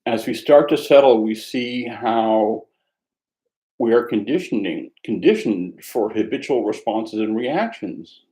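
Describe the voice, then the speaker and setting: A man teaching meditation, speaking in a reflective, conversational way with a gently self-mocking humor. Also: lowish voice, animated, measured pace, low-quality recording. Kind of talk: mindfulness dharma talk.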